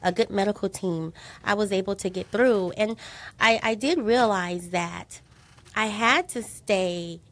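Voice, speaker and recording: A middle-aged woman, a talk show guest, telling her own story of surviving cancer in an earnest, animated way, acting out the people she quotes. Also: medium pitch, a little slow.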